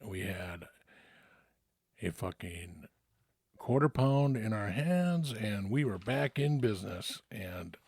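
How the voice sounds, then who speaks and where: Low-voiced man telling a rambling story. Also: lively intonation, takes it slowly, darkish tone, slightly rough, dry recording. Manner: rambling, profane, many fillers and restarts. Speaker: storyteller recounting his past. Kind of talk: casual spoken storytelling.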